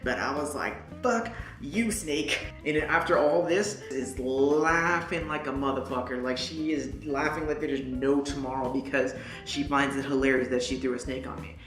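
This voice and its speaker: A young adult woman vlogger telling a story in an animated, casual way, swearing and talking straight to the viewer. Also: a bass voice, normal speed, few pauses, soft background music. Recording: echoey room.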